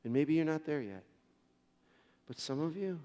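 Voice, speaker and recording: A man's voice: a little high, animated, moderate pace, dark tone, muffled recording. Earnest male pastor in a reverberant hall. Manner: storytelling, earnest, with many restarts. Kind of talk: sermon.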